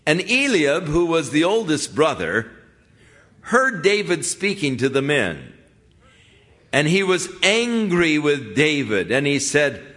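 A man's voice: fairly high pitch, big pitch swings, slow, fairly bright tone. A man preaching a sermon, retelling a scripture story in a folksy, conversational way with frequent asides. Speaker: pastor.

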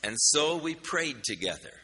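A man preaching a sermon, telling a personal story in a folksy, animated way and acting out the dialogue. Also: on the high side, unhurried, slightly rough, long reverb tail. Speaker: pastor.

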